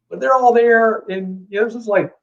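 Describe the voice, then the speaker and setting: Swearing and rambling, a middle-aged Savannah, Georgia man tells a heated, drawn-out story as a podcast guest, drifting into asides. His voice is very high-pitched and creaky. It's casual storytelling captured in dull, lo-fi podcast audio.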